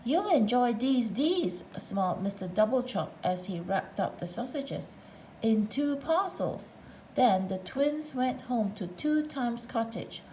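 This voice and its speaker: Woman narrator, storybook read-aloud, playful asides, slightly high voice. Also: lively intonation, unhurried, mellow, a little hiss or hum, low-quality recording. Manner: playful, chatty asides to the listener.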